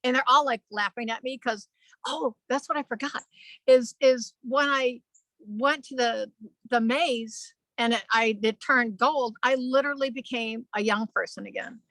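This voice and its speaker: Gravelly-voiced woman rambling through a story. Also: on the high side, unhurried, dry recording, low-quality recording. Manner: rambling, animated storytelling with playful asides. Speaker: spiritual channeler. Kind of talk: sharing a spiritual experience in a group call.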